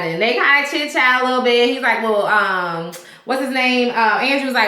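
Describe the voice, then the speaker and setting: Woman, casual TV recap, animated and slangy, bright ringing tone. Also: a little high, moderate pace, echoey room. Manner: animated, slangy retelling with quoted voices. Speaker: TV episode reviewer.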